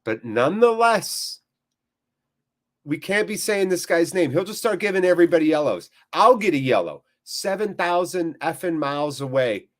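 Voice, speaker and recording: An American man hosting a live football watchalong. He jokes and chats with viewers between quick play-by-play. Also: a little high. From United States. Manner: jokey, animated, quick play-by-play. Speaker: watchalong host.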